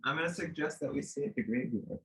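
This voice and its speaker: A man's voice: a little high, fast, husky. A man playing in a tabletop role-playing game, asking hesitant, stumbling questions in a casual way. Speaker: player.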